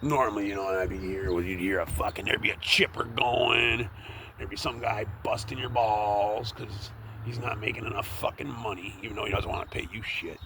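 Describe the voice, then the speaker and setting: A man with a low, gravelly voice rambles on and swears, with lots of "you know" and "like". He talks into the camera outdoors from up in a tree. Clear outdoor noise runs under the recording. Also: steady tone, normal speed. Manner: rambling, profane, with many fillers. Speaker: tree worker vlogging. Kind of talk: casual rambling monologue.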